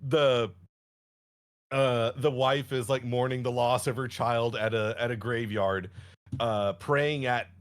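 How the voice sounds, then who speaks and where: A man's voice: medium pitch, fairly even intonation, slow. A man co-hosting a podcast, laughing often and acting out characters with exaggerated voices while retelling a story. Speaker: podcast co-host. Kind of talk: casual chat, animated retelling.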